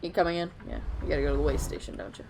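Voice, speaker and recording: A woman's voice: deep voice, fairly even intonation, racing, dark tone. A woman live-streaming a driving game, chatting casually and talking back to the traffic and her chat. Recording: clear vehicle noise from the game. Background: truck engine and road noise from the game.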